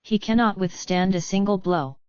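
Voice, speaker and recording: A man's voice: high voice, normal speed, darkish tone, clean tone, no room sound, highs cut off, natural voice. A woman reading the lines of an arrogant, scornful young male fighter in a storybook, with a blunt, cold tone.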